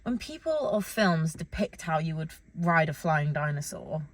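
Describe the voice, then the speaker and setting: A woman's voice: deep voice, moderate pace. A young woman from Britain co-hosting a casual podcast chat, blunt, teasing and dramatic. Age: young adult. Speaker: podcast co-host.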